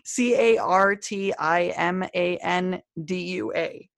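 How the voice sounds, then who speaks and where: A woman's voice: on the low side, slow pace, gravelly, no room sound. A woman co-hosting a casual podcast, telling a history story in a chatty, self-deprecating way with frequent laughs. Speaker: podcast co-host.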